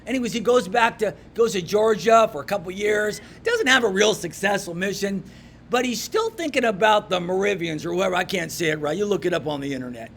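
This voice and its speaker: A man giving a storytelling devotional talk to a men's group in a pub, animated and swinging from loud emphasis to hushed asides. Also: high-pitched, a little fast, vocal fry, a little hiss or hum. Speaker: men's ministry speaker. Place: pub room.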